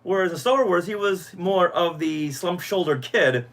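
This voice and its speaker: A man's voice: high-pitched, unhurried, fairly bright tone. A middle-aged man co-hosting a podcast, telling nostalgic stories with enthusiasm. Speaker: podcast co-host. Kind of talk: casual fan podcast chat.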